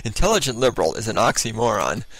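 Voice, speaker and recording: A man's voice: fairly low pitch, very animated, fast talker, a bit bright, no room sound, rough recording. A man giving a blunt, sarcastic political monologue as host, laughing at his own jokes.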